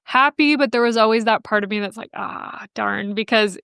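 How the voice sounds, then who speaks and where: A woman's voice: a little high, quick pace, fairly bright tone, smooth, no room sound, studio quality. A woman guest in a casual podcast interview, telling a personal story in a chatty, emotional way and mimicking the voices of others. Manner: chatty and emotional, quotes people in playful voices. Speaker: podcast guest, animal welfare researcher.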